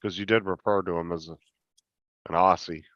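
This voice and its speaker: A man's voice: deep voice, fairly even intonation, brisk, fairly bright tone, no room sound, highs cut off. A man asking teasing questions in casual banter with friends over voice chat. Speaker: stream participant.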